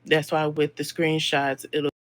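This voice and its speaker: A man leading an online training meeting, explaining a procedure in a measured, instructive way with frequent pauses. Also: a little high, completely flat delivery, a bit bright, slight background noise.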